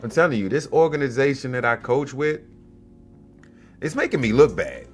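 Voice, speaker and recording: A man hosting a casual podcast monologue, a youth basketball coach telling stories in a blunt, profane, animated way. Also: mid-range voice, moderate pace, soft background music.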